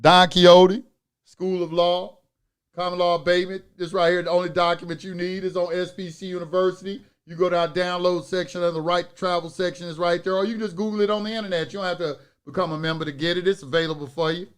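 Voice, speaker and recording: High-voiced man ranting in a live class. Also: level tone, fast, clean tone. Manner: profane, preachy, swings from loud ranting to muttering. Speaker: instructor of an online class. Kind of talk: live online lecture.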